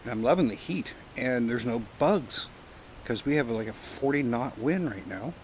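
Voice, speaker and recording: A mid-range voice with lively intonation carries this Canadian pipe-smoking vlogger's casual campsite chat at a moderate pace. He rambles, jokes and swears a little, and the poor audio from the outdoor recording has clear wind and background noise.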